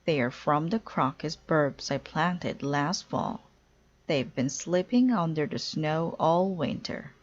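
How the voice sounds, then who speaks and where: A woman voicing a gentle, patient mother bear in a read-aloud storybook, speaking in a calm, unhurried way. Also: low-pitched, highs cut off.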